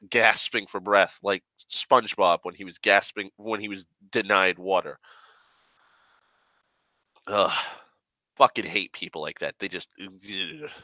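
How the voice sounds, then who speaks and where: A man's voice: lowish voice, pushed and bright, dry recording. A sick young man who coughs now and then, rambling in a profane, grumbling, sarcastic rant. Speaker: online rambler.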